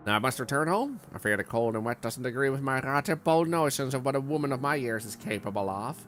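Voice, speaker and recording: A man's voice: mid-range voice, lively intonation, fast, a bit bright, faint music behind, close to an everyday voice. A man reading aloud as an eccentric elderly woman in a game, formal and theatrical. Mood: solemn.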